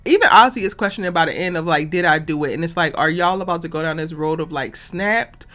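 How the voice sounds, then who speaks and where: A woman reviewing a TV episode in a casual, animated and exasperated way, talking straight to her viewers. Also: on the low side, quick pace. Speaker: TV review vlogger.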